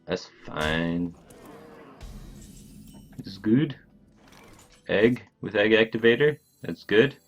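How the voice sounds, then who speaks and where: Low-voiced man streaming a card game. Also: expressive, lo-fi sound, soft background music. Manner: thinks aloud, plans moves in quick bursts; laid-back, talks to his chat casually. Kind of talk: live gameplay commentary.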